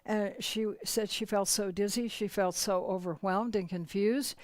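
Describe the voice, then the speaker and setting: A woman's voice: mid-range voice, unhurried, dry recording. A woman leading a workshop, earnestly telling a story to teach a lesson. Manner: earnest, animated retelling.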